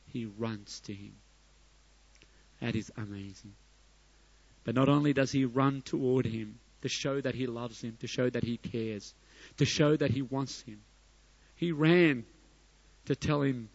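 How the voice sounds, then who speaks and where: A middle-aged man preaches a sermon at an unhurried, deliberate pace. His voice swells into loud, emphatic peaks and then sinks back to a soft hush. The recording is dry, with little room sound and a slightly muffled, lo-fi quality. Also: medium pitch, dry recording. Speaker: pastor.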